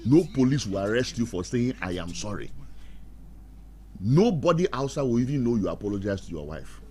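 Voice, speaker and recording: A man's voice: mid-range voice, fast talker, breathy edge. A middle-aged man giving marriage advice like a preacher on a radio talk show, acting out quarrels and laughing at his own jokes. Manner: animated, acts out quarrels in put-on voices, laughs at own jokes. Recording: faint background noise.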